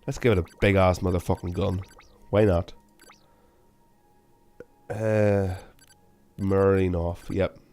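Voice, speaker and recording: A young man giving casual, self-mocking game commentary, with sudden loud bursts of excitement. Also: sits low, takes it slowly, pauses often, soft background music. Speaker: gaming channel host.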